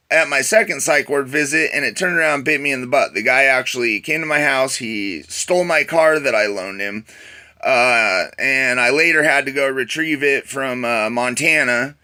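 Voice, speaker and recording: A man's voice: medium pitch, moderate pace, bright, forceful tone. A young man casually telling a personal story to camera, rambling with many fillers and restarts. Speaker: vlogger.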